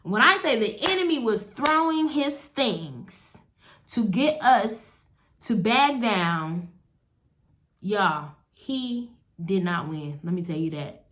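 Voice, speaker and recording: A woman telling viewers about her wedding in a casual testimony vlog. She talks straight to them in an animated way. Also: fairly high pitch, slow. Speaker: wedding advice vlogger.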